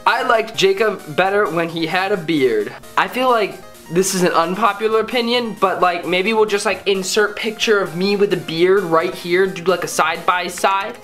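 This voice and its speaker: A man's voice: high-pitched, moderate pace, fairly bright tone, soft background music. A young man casually reading viewer comments aloud and joking about them in a playful, mock-dramatic way. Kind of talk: casual comedic vlog.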